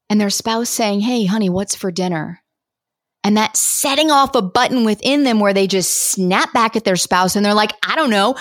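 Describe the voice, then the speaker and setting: Woman podcast host coaching listeners, animated, does little voices for people, dry close mic. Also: medium pitch, dry recording. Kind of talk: energetic solo podcast teaching.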